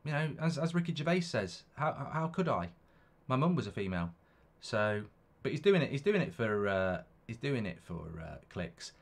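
Male streamer, middle-aged, chatty and opinionated, lively pitch that jumps around. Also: normal speed. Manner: rambling and opinionated, many restarts. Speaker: football watchalong host. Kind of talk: casual live-stream chat reading viewer comments.

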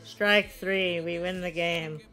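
A woman giving casual commentary on her own video game play, swinging from low-key play-by-play to loud, excited yelps. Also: takes it slowly, faint music behind. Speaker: gaming video creator.

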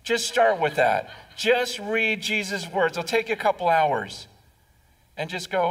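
A man's voice: high-pitched, animated, measured pace, creaky, fairly bright tone. A male pastor preaching a conversational sermon, repeating words and acting out quotes. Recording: distant mic in a reverberant hall.

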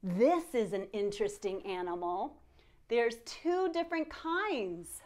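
Woman leading a kids yoga class, slightly high voice, unhurried, playful and encouraging. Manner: playful, animated storytelling with gasps and exclamations; encouraging, talks directly to young children. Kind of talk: guided kids yoga lesson.

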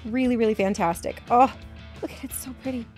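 A woman in her thirties chatting excitedly as she opens graded trading cards, gasping and repeating herself. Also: on the high side, fast talker, soft background music. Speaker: card collecting vlogger. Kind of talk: excited unboxing chat.

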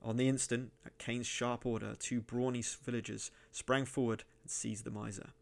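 A man reading a dark adventure story aloud, measured and sometimes rising to loud declaiming. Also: medium pitch, little pitch movement, vocal fry. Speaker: reader and gaming channel host.

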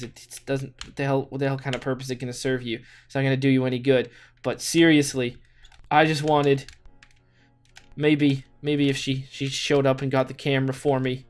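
Man, gaming commentary, talks to himself, stammers and repeats, blurts out exclamations, faint music underneath. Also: mid-range voice. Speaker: gaming YouTuber. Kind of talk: let's play commentary. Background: faint background music.

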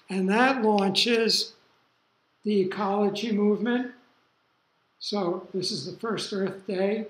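Older man, lecturer, unhurried rambling talk, high-ish voice, roomy hall. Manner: rambling, relaxed asides with fillers. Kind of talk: university lecture.

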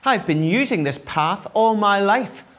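A man voicing a fussy, cross hen who complains in a shrill voice. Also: unhurried, fairly bright tone. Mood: indignant.

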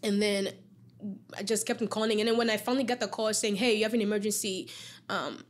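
A woman's voice: medium pitch, fairly even intonation, fast talker. A young woman, a former student, telling an emotional personal story in a casual interview. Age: young adult. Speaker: alumna guest.

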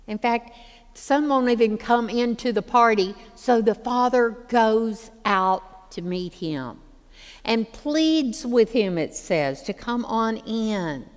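A woman's voice: on the high side, clean tone, in a large hall. A woman teaching a Bible lesson, reading scripture passages aloud and explaining them in plain words.

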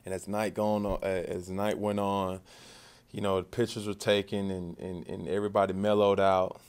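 A man's voice: low voice, little pitch movement, moderate pace, a little mellow, smooth. A man, a football quarterback, answering questions at a press conference in a loose conversational way, often repeating and restarting words. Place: media session after practice.

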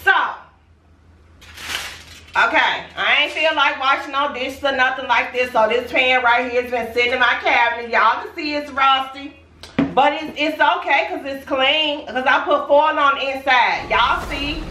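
A woman's voice: sits high, fairly even intonation, normal speed, pushed and bright, a little hiss or hum. A pregnant young woman chatting casually and sassily to her viewers in a food challenge vlog. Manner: chatty, sassy, talks straight to viewers. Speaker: vlogger. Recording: echoey room, mic at a distance.

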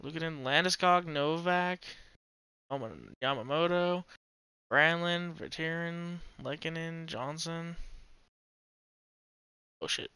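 A male streamer giving casual live commentary over a hockey game, excitable and swearing freely. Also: on the high side, takes it slowly, long pauses, smooth, no room sound.

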